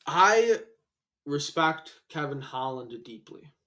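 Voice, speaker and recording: Hyped young guy ranting about fights, kinda high voice, swears a lot, breathing heavy. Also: takes it slowly. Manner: excitable, profane, slangy. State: breathing heavily. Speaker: MMA reaction host. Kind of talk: casual solo reaction commentary.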